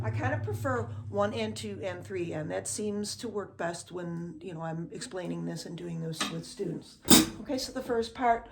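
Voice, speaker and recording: A woman gives a relaxed drum lesson, counting beats aloud and often checking in with "okay?" while drums play behind her. Her voice is fairly low, creaky and at a normal speed, over loud music.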